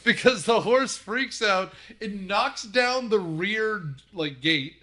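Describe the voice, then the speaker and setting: A man with a high, bright voice that leaps all over its range, co-hosting a chatty movie podcast. He tells scenes in an animated way and throws in little acted-out voices as he goes. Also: slow pace. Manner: animated, acts out voices while retelling scenes. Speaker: podcast co-host. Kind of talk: casual movie podcast chat.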